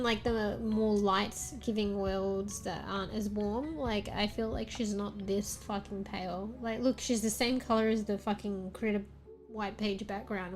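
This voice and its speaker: A young Australian woman chatting casually on a stream, rambling, swearing often and laughing between thoughts. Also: mid-range voice. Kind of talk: casual chat.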